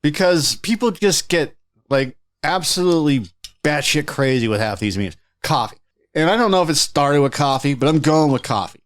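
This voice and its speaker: A man's voice: a little high, lively intonation, normal speed. A man co-hosting a casual podcast, ranting with profanity and mocking others in sarcastic put-on voices. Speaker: podcast co-host.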